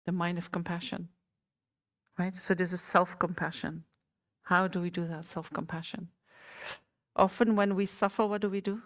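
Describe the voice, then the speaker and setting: A woman teacher giving a Buddhist talk to a small group, gentle and unhurried, often asking her listeners questions. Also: fairly low pitch, level tone. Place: meditation center hall.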